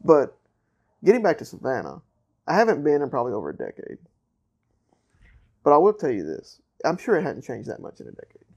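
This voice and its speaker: A man's voice: on the high side, huge pitch swings, fairly quick, vocal fry, pauses often, a little mellow, slightly rough, muffled recording. A man from the American South with a Southern accent, an easygoing co-host who rambles and laughs often in casual chat.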